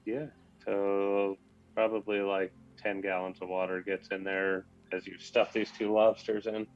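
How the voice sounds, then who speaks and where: A man with a lowish voice runs a tabletop game, narrating in a loose, joking way. The audio is muffled and a little dull, like an online call, with faint music underneath. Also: level tone, measured pace. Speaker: game master.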